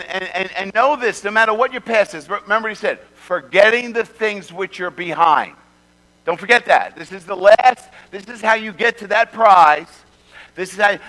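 A man preaching with a bright, high voice and an emphatic delivery, throwing in call-and-response asides as he goes. His words ring out with a long reverb, as if they fill a large hall. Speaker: pastor. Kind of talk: sermon.

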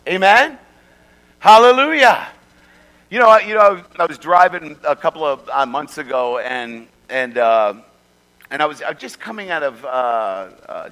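A man preaching with a bright, high voice and an emphatic delivery, throwing in call-and-response asides as he goes. His words ring out with a long reverb, as if they fill a large hall. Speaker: pastor. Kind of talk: sermon.

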